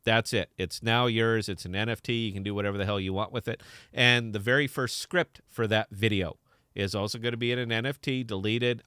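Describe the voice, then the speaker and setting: A man's voice: lowish voice, fairly bright tone, clean tone, dry recording, studio quality. A man hosting a podcast in casual, unscripted chat, brash and profane, teasing his co-host.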